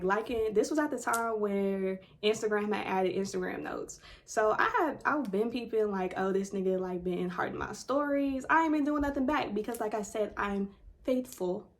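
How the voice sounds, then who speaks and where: A woman tells her story straight to the camera, blunt and unfiltered, swearing freely. Her pitch sits in a middle range. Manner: blunt, profane, animated retelling. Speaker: storytime vlogger. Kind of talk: casual storytelling.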